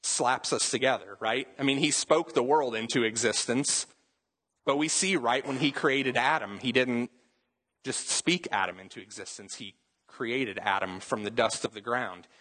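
A man's voice: medium pitch, moderate pace, fairly bright tone, husky. A young adult man, a pastor, preaching a sermon in a casual, conversational way with joking asides.

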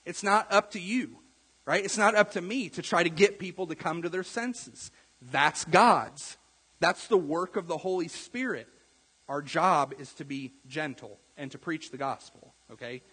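A man with a slightly higher, husky voice preaches a sermon. His delivery is earnest, swelling louder on key points before easing back to a soft tone. The sound carries the long reverb of a church hall. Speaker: pastor. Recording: long echo of a large hall.

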